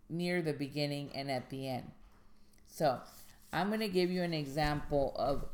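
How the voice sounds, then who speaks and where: A woman hosting a podcast on writing craft, reading aloud from a guide in a measured way and then talking it over loosely, with fillers and restarts. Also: low-pitched, a little mellow. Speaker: podcast host and indie author.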